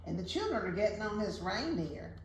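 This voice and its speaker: A woman reading a picture book aloud to children, with gentle, chatty asides. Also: medium pitch, sing-song, fairly quick. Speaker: children's story reader. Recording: echoey room, faint hiss.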